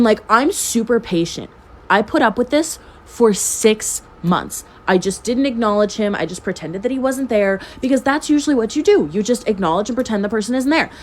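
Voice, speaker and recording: A very tired young woman at home telling a messy personal story in casual chat, swearing freely and laughing often. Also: medium pitch. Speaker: storytime vlogger. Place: at home with her cat.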